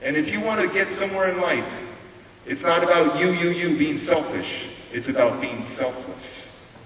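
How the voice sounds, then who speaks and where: A man giving a motivational stage speech, telling his story emphatically with dramatic pauses. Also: fairly high pitch, a bit bright. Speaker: motivational speaker. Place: large hall on stage. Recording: echoey hall from far off, hiss.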